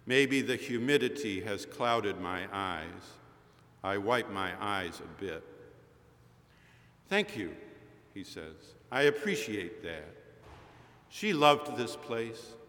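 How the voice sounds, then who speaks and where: A male preacher delivering a sermon as a slow, storytelling account with quoted dialogue. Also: lowish voice, pushed and bright. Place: large chapel. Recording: chapel recording with long reverb.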